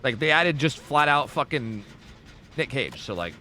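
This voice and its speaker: A man's voice: mid-range voice, animated, measured pace, sharp tone, slight background noise. A man streaming a game live, rambling and swearing casually as he answers viewers' questions. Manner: rambling, profane, chatty, answering chat questions.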